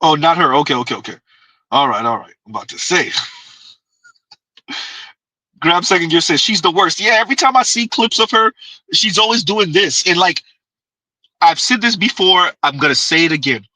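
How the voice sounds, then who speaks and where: A man's voice: a little high, lively intonation, normal speed, pauses often, bright, forceful tone, no room sound, poor audio. A man hosting a livestream with reaction commentary, talking in a mocking, sarcastic way. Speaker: streamer.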